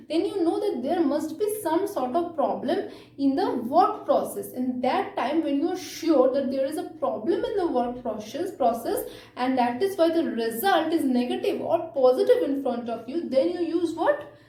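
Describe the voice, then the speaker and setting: A woman teaching an English grammar lesson, explaining slowly with frequent fillers and check-ins like "okay?". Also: high voice, lively intonation, warm tone, roomy sound, low-quality recording.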